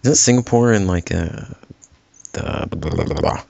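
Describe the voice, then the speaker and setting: A man's voice: low-pitched, animated, unhurried, gravelly, warm tone, no room sound. A man co-hosting a casual podcast, laid-back and jokey, often laughing. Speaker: podcast co-host. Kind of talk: casual chat. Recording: dull lo-fi sound.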